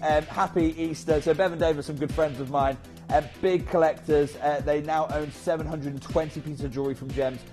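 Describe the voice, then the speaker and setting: A man presenting a live shopping channel, chatty and energetic with off-script asides. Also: a little high, brisk, faint music behind.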